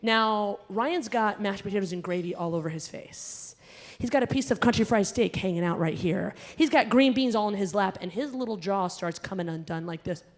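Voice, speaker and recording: A young Southern American woman emcees a gala, telling a stand-up story with animated energy and turning loud and punchy as she acts out quoted lines. She uses a handheld mic in a large performing arts hall, speaking at medium pitch and a moderate pace.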